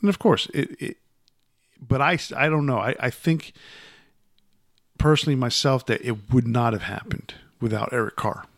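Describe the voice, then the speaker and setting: A man's voice: medium pitch, normal speed, long pauses, no echo, studio quality. A man co-hosting a podcast in casual chat, rambling with many restarts and getting emphatic as he makes his points. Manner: rambling, with frequent restarts and repeated words; emphatic, voice rising when making a point. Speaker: podcast co-host.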